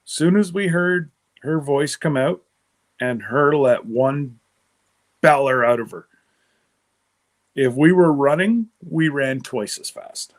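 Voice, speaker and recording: Canadian-raised guy rambling on a livestream, slow easygoing talk, answers chat as he goes. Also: fairly high pitch. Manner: rambling, answers live chat comments aloud. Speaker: livestream host. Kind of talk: casual rambling chat with viewers.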